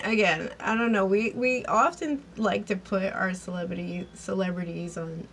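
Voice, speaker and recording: A woman's voice: mid-range voice, a little hiss or hum, rough recording. A woman giving a casual recap and review of a TV episode, chatty and giggly, with lots of fillers and restarts.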